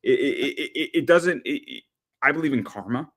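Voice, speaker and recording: A man's voice: medium pitch, moderate pace. Rambling, stammering male podcast host. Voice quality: rambling, animated storyteller with frequent stammered repeats. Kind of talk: casual chat.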